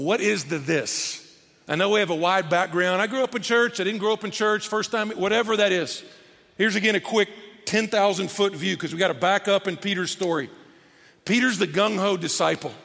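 A man preaching a sermon as pastor, animated, acting out scripture scenes. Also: high voice, vocal fry. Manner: animated, acts out scripture scenes in character voices. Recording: long reverb of a large hall.

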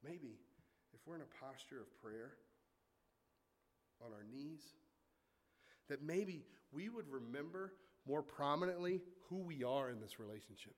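A man preaching a sermon, reading scripture aloud and breaking into casual asides, swinging from loud emphasis to quiet, hushed remarks. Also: on the high side, animated, a little slow, pauses often. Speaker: pastor.

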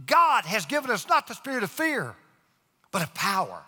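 A man's voice: high voice, huge pitch swings, normal speed, pushed and bright, breathy edge, big-room sound. A man preaching a sermon with emphatic call-and-response to his congregation. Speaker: pastor.

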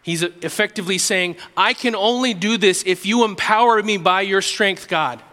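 A male pastor preaching with a high, bright voice. He drops soft for quoted prayers and rises to earnest exhortation. The sound rings with the long reverb of a church hall. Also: moderate pace. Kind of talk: sermon.

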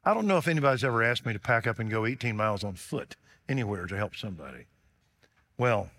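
A male preacher giving a sermon, animated, acting out both sides of a dialogue. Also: mid-range voice, moderate pace. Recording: long hall reverb.

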